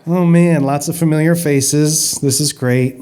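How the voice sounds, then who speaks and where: A man with kids doing energetic, sarcastic stand-up at an open mic. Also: a little high, measured pace. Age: adult parent. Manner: energetic, sarcastic, jumps up for emphasis. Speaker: stand-up comic. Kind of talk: animated stand-up.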